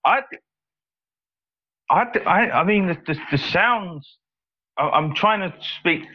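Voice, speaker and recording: A man's voice: high voice, slow. A man with an English accent chatting casually on a podcast, hesitant and often repeating his words. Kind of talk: casual chat. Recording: muffled lo-fi audio.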